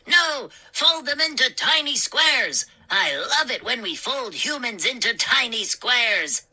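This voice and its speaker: A woman voicing small, gleeful, mischievous gnomes with shrill, sneering, giggly voices. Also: very animated, slow pace, bright, forceful tone, heavily acted.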